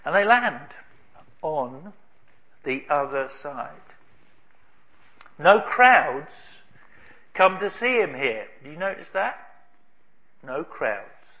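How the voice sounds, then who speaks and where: Man, preacher, sermon, bright forceful tone, emphatic storytelling. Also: fairly high pitch, very animated. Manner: storytelling, emphatic with dramatic pauses.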